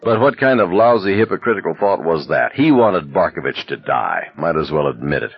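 A man narrating an audiobook in an expressive, dramatic reading. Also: low-pitched, brisk, vocal fry, slightly rough, muffled recording.

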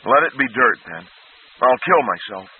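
A man's voice: medium pitch, expressive, moderate pace, breathy edge, pitched above the performer's own voice. A man voicing a terrified young male prince who pleads in panic. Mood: frantic. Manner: panicked, pleading, near screaming. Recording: tinny phone-like sound.

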